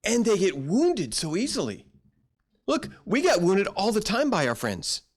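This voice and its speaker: A man's voice: high voice, wildly swooping pitch, a little slow, slightly rough. A middle-aged male pastor preaching a sermon in a folksy storytelling way, acting out quoted voices.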